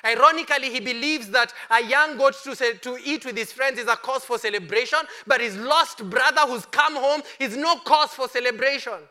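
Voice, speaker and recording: A man preaching a sermon, passionately declaring, then dropping to hushed pleading with his congregation. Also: extremely high pitch, moderate pace, hardly any pauses. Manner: impassioned, swings from loud declaring to hushed pleading.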